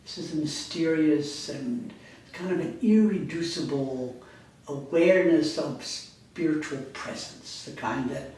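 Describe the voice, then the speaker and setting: A man's voice: on the high side, unhurried, a little mellow, slight background noise. Man lecturing in an echoey classroom. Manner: rambling, self-correcting, conversational. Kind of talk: university lecture. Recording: echoey classroom, speaker far from mic.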